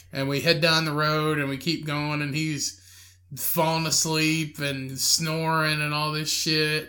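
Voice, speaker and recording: A man's voice: fairly high pitch, pushed and bright. A man co-hosting a podcast, telling a long, crude, laughing story in casual chat and acting out the people in it. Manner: crude, laughing storyteller, acts out drunk friend and angry lady. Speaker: podcast co-host.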